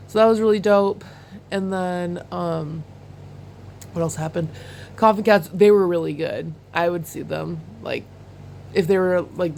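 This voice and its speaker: A young woman vlogging in a casual chat, talking in an excited, rambling way with lots of "like" and "oh my God.". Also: fairly low pitch, slight background noise. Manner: chatty and excitable, full of "like" and "oh my God"; bursts into laughter while recounting.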